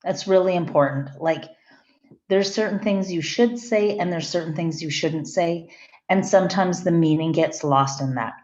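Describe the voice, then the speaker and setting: Speaking at a moderate pace in a lowish, somewhat dark voice, a middle-aged woman lectures a class conversationally and checks in with her students. The room recording is echoey, dull, and lo-fi.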